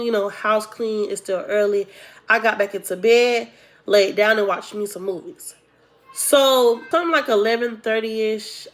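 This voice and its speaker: A young woman vlogger telling a casual storytime, animated and acting out the people she quotes. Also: medium pitch.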